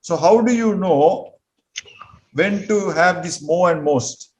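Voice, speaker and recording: A man's voice: high-pitched, slow, slight background noise, rough recording. Patient male English teacher drilling words. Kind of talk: classroom grammar lesson.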